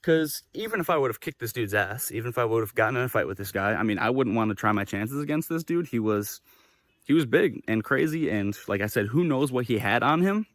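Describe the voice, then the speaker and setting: A young man tells a casual vlog story in a lively, animated way and swears freely as he acts out each quoted voice. His pitch sits in the middle. The recording is dry and close, with no room sound. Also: brisk, dry recording. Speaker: vlogger. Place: living in Japan.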